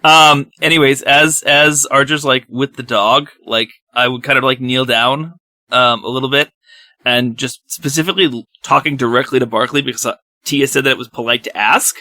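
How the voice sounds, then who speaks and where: A man's voice: medium pitch, steady tone, moderate pace, sharp tone, no room sound. A man playing a tabletop game, talking hesitantly with many fillers. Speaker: player.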